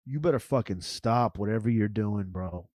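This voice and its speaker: A man's voice: on the low side, normal speed, darkish tone, dry recording, clean studio sound. A man co-hosting a podcast in casual chat, riffing loosely and swearing freely. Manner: loose, profane, riffing banter. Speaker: podcast co-host.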